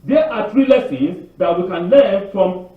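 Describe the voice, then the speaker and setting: Guy preaching a torah portion, really high voice, asks the room lots of questions, super echoey and far from the mic. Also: unhurried. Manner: animated preaching with rhetorical questions to the congregation; repeats words and restarts often. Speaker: congregation teacher. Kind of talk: sermon on the weekly Torah portion. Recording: very echoey, distant, dull lo-fi.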